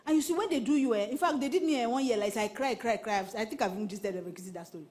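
A woman pastor with a Nigerian accent, preaching a sermon in an animated, repetitive style that slips into pidgin. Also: a little high, racing. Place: church.

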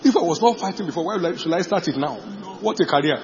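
A middle-aged male pastor preaching a sermon boldly, with bursts of shouting and laughter. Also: a little high, lively intonation, fast talker, very noisy. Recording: dull echoey hall recording.

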